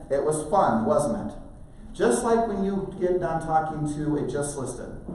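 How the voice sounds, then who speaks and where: A man's voice: fairly high pitch, darkish tone. A man in his forties giving a motivational conference talk, telling stories animatedly and acting out quoted dialogue. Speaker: motivational speaker at a real estate training event. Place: large conference room. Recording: very echoey hall, distant, faint hiss.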